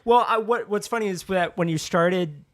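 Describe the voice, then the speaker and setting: A man's voice: high-pitched, moderate pace. A man co-hosting a podcast in casual chat, agreeable and swearing for emphasis. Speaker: podcast co-host.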